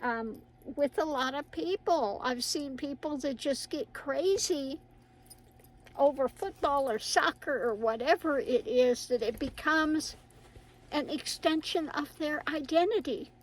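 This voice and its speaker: A middle-aged woman with a high, slightly slow voice chats casually and ramblingly with viewers on her own channel, laughing often. She's a tarot reader, and the recording is rough.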